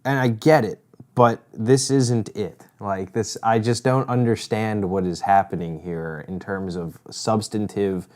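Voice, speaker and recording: A man co-hosts a casual political chat. His voice sits low, and his wry remarks come out in halting bits. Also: fairly even intonation, a little mellow. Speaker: podcast co-host.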